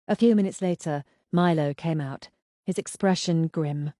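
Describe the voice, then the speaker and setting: A woman narrating a first-person mystery novel in an even, expressive storytelling manner. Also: low-pitched, normal speed, no room sound, studio quality. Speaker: audiobook narrator.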